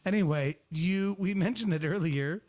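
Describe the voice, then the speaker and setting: Podcast cohost throwing out questions, joking around, mid pitch. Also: moderate pace, background noise. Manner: leads questions, jokes around. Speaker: podcast co-host. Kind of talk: casual interview chat.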